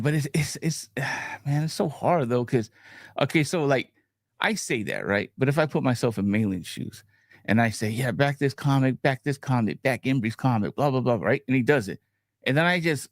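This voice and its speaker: A man's voice: mid-range voice, no room sound, clean studio sound. A man talking in a hesitant, laid-back way as a guest on a casual livestream, often stammering and restarting.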